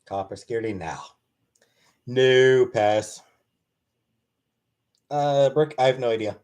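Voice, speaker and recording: A man's voice: mid-range voice, slow pace, a little mellow. A man casually answering questions from his live-stream chat in a blunt, offhand way.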